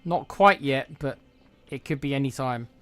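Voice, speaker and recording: A man casually commenting on a video game as he plays, relaxed and blunt, muttering to himself. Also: medium pitch, moderate pace, dry recording, soft background music. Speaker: gaming streamer.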